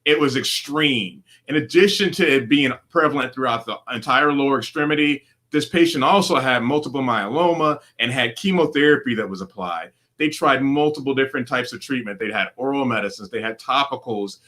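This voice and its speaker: A man's voice: medium pitch, brisk, few pauses, bright, forceful tone. A man, a physician hosting an interview, who jokes easily and sets up his questions at length. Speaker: physician host. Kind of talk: casual interview.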